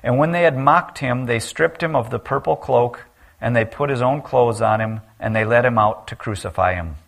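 A man preaching a sermon and reading scripture aloud. He gets loud at the cries and drops low and quiet on the key lines. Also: normal speed, creaky.

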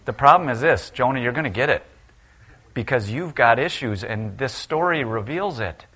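A middle-aged man delivering a sermon in a mid-pitched voice, telling Bible stories with lively voiced quotes. He swings from quiet, low asides to loud, high outbursts as he plays the people in each story. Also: normal speed, slightly rough. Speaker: preacher.

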